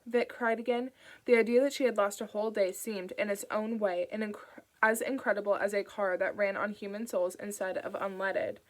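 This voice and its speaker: A woman narrating an audiobook. Her reading is steady and measured, and she carries the story along evenly. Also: mid-range voice, rough recording.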